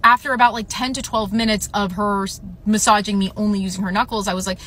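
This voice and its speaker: A woman's voice: medium pitch, steady tone, fast, a bit bright, slight background noise. A young woman telling an upsetting personal story in a casual storytime vlog, full of "like" fillers.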